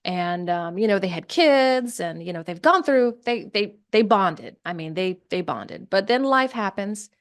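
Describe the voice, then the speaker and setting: Animated woman telling a story. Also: medium pitch, a little slow, hardly any pauses. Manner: animated, acts out quoted voices. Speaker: podcast guest. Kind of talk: storytelling in conversation.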